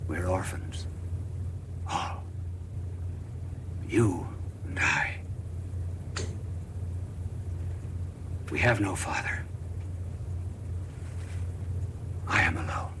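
A man voicing a grieving, lonely Christ figure in a low, hushed voice. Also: slow, a little hiss or hum, heavily acted.

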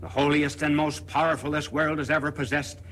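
A man voicing a frantic male madman who cries out and then sinks into hushed whispers. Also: fairly high pitch, flat delivery, fairly quick, slight background noise, voice pushed up, lightly acted.

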